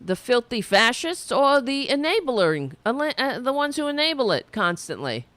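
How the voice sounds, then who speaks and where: A woman's voice: a little high, big pitch swings, unhurried, fairly bright tone, no room sound. A woman hosting a political commentary show, delivering a profane, sarcastic, heated rant.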